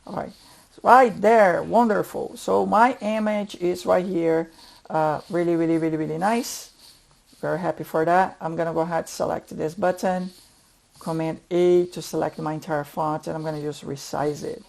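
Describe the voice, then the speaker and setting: Gravelly-voiced software tutorial instructor. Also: medium pitch, steady tone, normal speed. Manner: enthusiastic, repeats words for emphasis; thinks aloud while working. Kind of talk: step-by-step screen tutorial narration.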